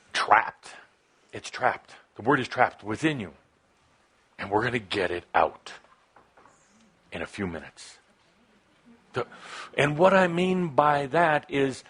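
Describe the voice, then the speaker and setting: Before a live audience, a man delivers a channeled spiritual talk in short, broken phrases, shifting from soft musing to emphatic, passionate urging. His voice is mid-range with a breathy edge.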